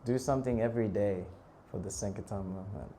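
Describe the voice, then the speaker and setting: A man in his thirties, a monk preacher telling a lively story in a temple talk, laughing often and breaking into shouted prayers. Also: lowish voice, quick pace, a little hiss or hum.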